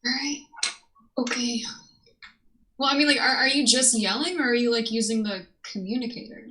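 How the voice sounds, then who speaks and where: A woman's voice: fairly high pitch, normal speed, pushed and bright, low-quality recording. A woman playing a tabletop game, chatting casually between rolls. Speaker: player.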